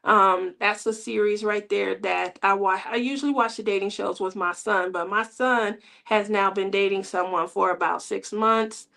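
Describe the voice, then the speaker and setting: A woman's voice: mid-range voice, steady tone, moderate pace, gravelly, few pauses, a bit bright. A middle-aged woman hosting a crafting channel, chatting casually with viewers in a rambling way and laughing often.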